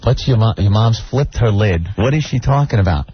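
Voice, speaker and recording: A man's voice: on the low side, lively intonation, fairly quick, a little hiss or hum. Exasperated man telling stories on the radio. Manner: exasperated, laughing at his own stories. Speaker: radio co-host. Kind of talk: radio banter, comic storytelling. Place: radio studio. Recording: slightly muffled radio broadcast recording.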